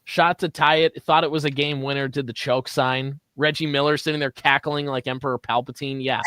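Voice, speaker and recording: A man's voice: medium pitch, flat delivery, fairly bright tone, smooth, no room sound. A man co-hosting a morning sports radio show, running a quiz game and teasing his partner as he drags out the clues. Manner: teasing quizmaster, drawls clues slowly. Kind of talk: casual sports radio banter.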